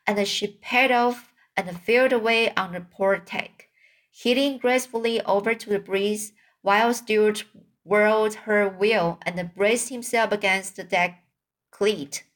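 A woman reading a children's novel aloud, slowly, with small slips and restarts. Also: medium pitch, fairly bright tone. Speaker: reader.

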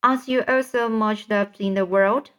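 A woman's voice: mid-range voice, fairly even intonation, normal speed, clear, resonant tone, natural voice. A woman voicing a polite, curious young boy asking earnest questions in a storybook reading.

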